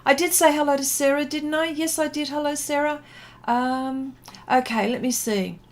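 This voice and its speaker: A woman's voice: sits high, fairly even intonation, normal speed. A middle-aged woman hosting a casual art livestream, chatting, reading viewer comments aloud and laughing often. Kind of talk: casual livestream chat while painting.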